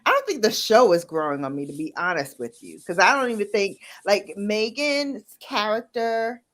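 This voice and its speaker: A woman hosting a casual chat while doing her makeup, talking about a TV show in a chatty, animated way. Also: medium pitch, normal speed. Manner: chatty, animated, recounting shows. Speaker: host.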